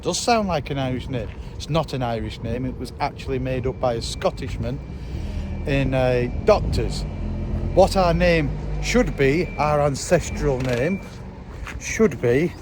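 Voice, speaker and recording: A man's voice: mid-range voice, a little slow, background noise. A man casually vlogging outdoors as a monster truck driver, chatty and wryly self-mocking, recorded on a handheld camera. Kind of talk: casual travel vlog. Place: outdoors at a show site and on a ferry.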